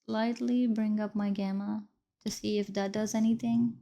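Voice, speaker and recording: A woman's voice: mid-range voice, flat delivery, moderate pace, creaky, dark tone. A woman teaching color grading step by step in a screen-recorded tutorial, correcting her own slips along the way. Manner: explains step by step, apologizes for slips. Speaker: video editing instructor.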